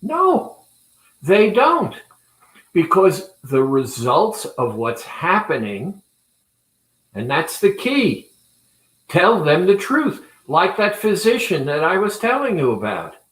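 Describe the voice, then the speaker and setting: Slow, earnest man in a roomy space. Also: high voice, huge pitch swings, a bit bright. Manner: deliberate, earnest, speaks with pauses. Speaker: weight-loss clinic practitioner. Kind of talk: promotional talk to viewers. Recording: roomy echo.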